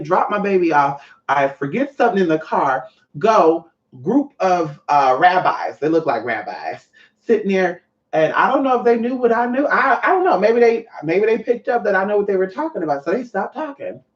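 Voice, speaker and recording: A speaker casually telling a story to viewers, lively and profane, acting out the other people's voices. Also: mid-range voice, moderate pace. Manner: animated, swears often, acts out other voices. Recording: muffled, echoey room.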